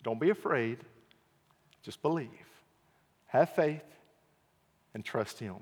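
A man preaching an earnest evening sermon, repeating key phrases and swinging from quiet to loud emphasis. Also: fairly high pitch, expressive, a little slow, long pauses. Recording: long hall reverb.

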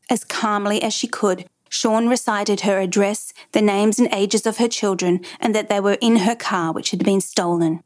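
A woman reading a dramatic true story aloud in measured, even narration. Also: medium pitch.

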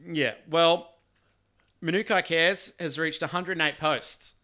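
A man's voice: on the high side, fairly even intonation, slow, pushed and bright. A man co-hosting a podcast, chatting casually with jokey, rambling banter. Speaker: podcast co-host. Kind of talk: casual chat.

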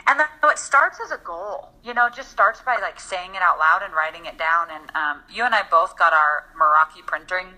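Young woman cohosting a chatty podcast, bright forceful voice, earnest, keeps restarting. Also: on the low side, brisk, few pauses, low-quality recording. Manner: earnest, reflective, with frequent restarts. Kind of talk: casual chat.

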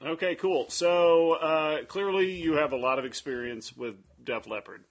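A man's voice: a little high, unhurried. A man hosting a comedy podcast, cracking dry, teasing quips at his guests. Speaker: podcast host. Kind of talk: casual comedic chat.

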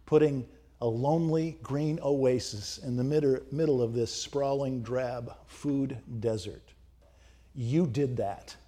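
A man's voice: mid-range voice, takes it slowly, dark tone. A man preaching a sermon, emphatic and rhetorical, asking the congregation questions. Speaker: pastor.

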